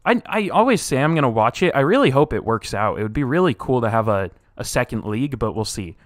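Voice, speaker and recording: A young man streaming live, reading chat aloud and reacting, swinging from low mumbles to loud outbursts, his voice wearing out. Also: very animated, quick pace, dry recording, studio quality.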